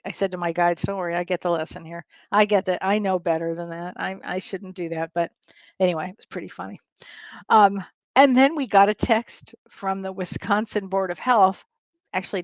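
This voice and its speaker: A woman's voice: medium pitch, no room sound. An older woman hosting a casual livestream as a spiritual medium, telling stories with frequent laughter and rambling restarts. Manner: chatty storyteller, laughs often, rambling restarts. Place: home livestream. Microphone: webcam or streaming mic.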